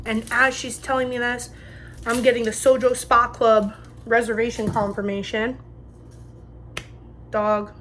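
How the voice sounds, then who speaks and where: A woman's voice: on the high side, a little hiss or hum. A woman in her twenties from New Jersey telling stories in a chatty, slangy way while she cooks in her home kitchen. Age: 20s. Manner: chatty, slangy, animated retelling. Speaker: vlogger. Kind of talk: casual storytelling while cooking.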